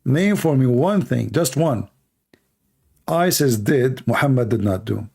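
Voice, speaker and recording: A man hosting a debate livestream in non-native English, hoarse and coughing as he argues through rhetorical questions. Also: medium pitch, animated, a little slow, darkish tone. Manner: argumentative, fires rhetorical questions. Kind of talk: live stream Q&A monologue.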